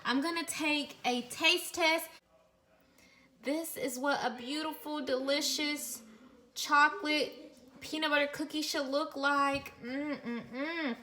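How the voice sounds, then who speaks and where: A woman's voice: high-pitched, fairly even intonation, slow, pushed and bright. A woman chatting casually as a cooking vlogger in a home kitchen, gushing over her food and talking straight to her viewers. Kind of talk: casual recipe chat and taste test.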